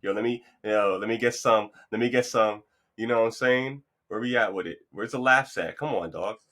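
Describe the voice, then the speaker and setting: Solo male podcast host, lowish bright voice, loose motivational rambling. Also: normal speed. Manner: loose, rambling, upbeat and encouraging. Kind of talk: casual motivational monologue. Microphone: podcast mic.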